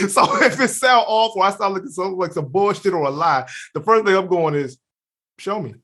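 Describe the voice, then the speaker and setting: A young adult man co-hosting a podcast, chatting casually, laughing often and acting out quotes in an animated way. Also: high-pitched, moderate pace. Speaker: podcast co-host. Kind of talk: casual chat.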